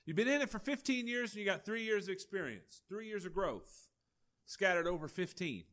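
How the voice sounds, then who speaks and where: A male pastor, preaching a folksy, animated sermon with acted-out dialogue. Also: sits high, brisk.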